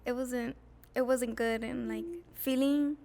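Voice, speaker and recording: A young woman with a fairly high, flat voice that barely rises or falls. She speaks softly and haltingly in a casual podcast chat, trailing off and restarting with lots of fillers. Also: creaky. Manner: soft, halting, many "like" fillers. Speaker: guest sharing her story.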